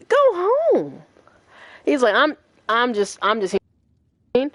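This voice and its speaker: A young adult woman hosting a gaming livestream, telling a story in casual chat, profane and animated, acting out what others said. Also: fairly high pitch, slow pace, long pauses, no echo. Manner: animated, profane, acts out quoted voices.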